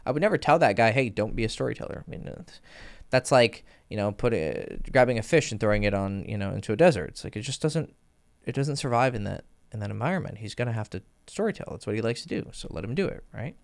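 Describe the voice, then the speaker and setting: A man's voice: on the low side, lively intonation, quick pace, gravelly. A young man casually coaching on dating and charisma. He swears freely and uses vocal sound effects. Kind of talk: casual advice monologue.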